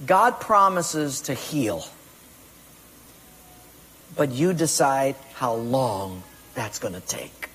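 A man preaching a sermon with emphatic delivery, acting out excuses and commands and rising to loud peaks. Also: mid-range voice, lively intonation, very slow, long pauses, slightly rough, big-room sound. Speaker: pastor.

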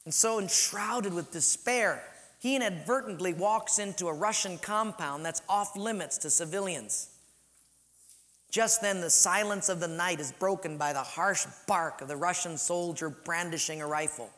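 Male preacher, high voice, emphatic sermon delivery, big loud-soft swings. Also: normal speed. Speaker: pastor.

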